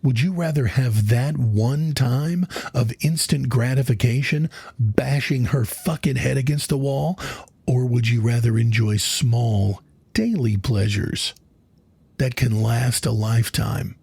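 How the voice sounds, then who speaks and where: A man's voice: medium pitch, a little slow, gravelly, a little mellow, slightly rough, no echo. A man giving a satirical mock lecture, mock-earnest, preachy and profane. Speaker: comedian, mock speaker. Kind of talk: satirical mock TED talk.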